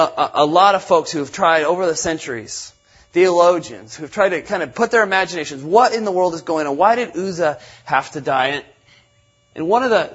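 Middle-aged guy preaching a sermon, kinda husky, muffled lo-fi recording. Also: high-pitched. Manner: animated, with frequent restarts and filler phrases. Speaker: pastor.

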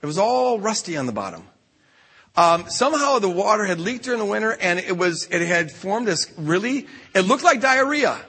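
Speaking at a retreat, a man relates a humorous tale, stammering and restarting frequently. His voice sits high with big pitch swings, pushed, bright and slightly rough, at normal speed, in a hall with long reverb.

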